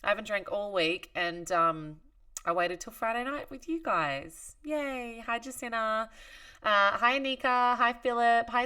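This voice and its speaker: A woman's voice: mid-range voice, bright, forceful tone, clean tone, recorded from a distance. A woman hosting a livestream concert, chatting casually and greeting viewers by name as she reads their comments. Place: home studio.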